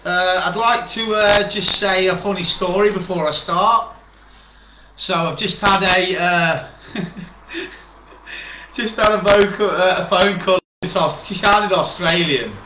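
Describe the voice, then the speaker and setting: Scouse guy chatting footy, kinda high sharp voice, echoey room. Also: a little slow, slight background noise. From Liverpool, England. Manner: chatty, chuckling, rambling asides. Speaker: football channel host. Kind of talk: casual vlog, reading out newspaper. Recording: roomy echo, faint background ambience.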